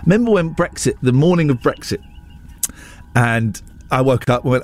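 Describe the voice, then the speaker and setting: A man's voice: medium pitch, lively intonation, normal speed, pauses often, a little mellow. A man hosting a radio breakfast show, bantering in a teasing, mock-outraged way. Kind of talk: casual on-air banter.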